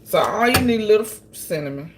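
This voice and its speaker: A woman's voice: mid-range voice, expressive, quick pace, background noise. A woman chatting casually to her viewers while cooking in her home kitchen for a vlog. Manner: chatty, talks straight to viewers. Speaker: vlogger.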